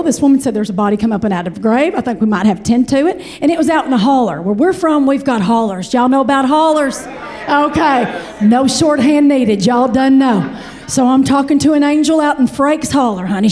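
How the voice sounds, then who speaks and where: Kentucky woman in her forties, chatty stand-up storyteller, high voice. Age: 40s. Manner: chatty, animated, addresses the audience directly. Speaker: comedian.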